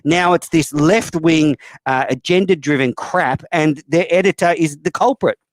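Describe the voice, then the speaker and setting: A man's voice: on the high side, a little slow, no echo. A man hosting a call-in show, talking bluntly and profanely with plenty of fillers. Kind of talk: casual call-in chat.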